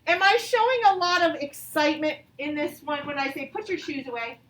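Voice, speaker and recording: A woman teaching a grammar lesson to young children online, reading example sentences slowly and with exaggerated expression. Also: sits high, expressive, fairly bright tone. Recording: echoey room, voice from a distance.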